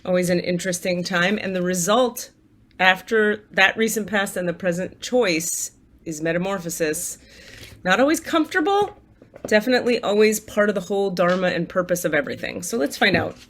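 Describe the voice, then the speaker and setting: A woman's voice: lowish voice, lively intonation, normal speed, a bit bright, a little hiss or hum. A woman talking casually to her viewers from home, candid and chatty, swearing freely and laughing often as she leads a gratitude list. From United States. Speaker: spiritual coach and tarot reader. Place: apartment at home.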